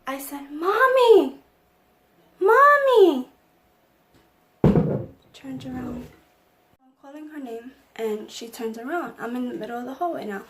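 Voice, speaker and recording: A woman's voice: fairly high pitch, normal speed, darkish tone, a little hiss or hum. A young woman vlogger telling an emotional personal story, acting out the lines of the people in it. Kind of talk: storytime vlog.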